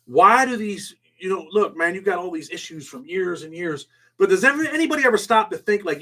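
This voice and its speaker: A middle-aged man hosting a casual live stream, reading chat and talking bluntly in street slang, dropping "man" after nearly every phrase. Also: brisk. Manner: swings from low mumbles to loud excited outbursts.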